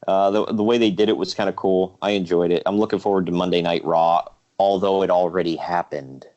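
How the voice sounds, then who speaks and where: A man with a fairly low voice co-hosts a casual wrestling podcast. He rants in a loose, jokey way and keeps dropping into mocking voices to quote people. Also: fairly even intonation, a little fast, a little mellow, highs cut off. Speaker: podcast co-host.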